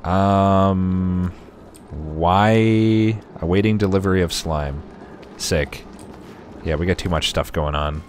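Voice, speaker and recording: A man's voice: deep voice, slow, a little hiss or hum. A man streamer giving casual gameplay commentary, chatty and sarcastic with himself, swearing often.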